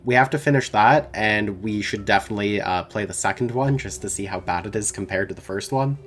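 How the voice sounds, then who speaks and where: A man co-hosting a let's play, chatting casually, joking and laughing readily. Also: lowish voice. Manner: excitable, joking, quick to laugh. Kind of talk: casual gaming chat.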